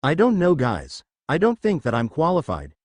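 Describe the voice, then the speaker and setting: A man's voice: a little high, huge pitch swings, normal speed, dry recording, studio quality. A man voicing a polite, unsure teenage girl in a raised voice. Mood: surprised unsure.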